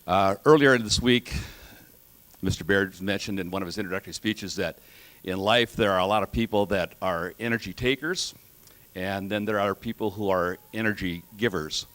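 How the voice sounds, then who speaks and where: A man graduating from auctioneering school, giving a measured, reflective thank-you speech with folksy humor. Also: low voice, fairly bright tone. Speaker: graduating student.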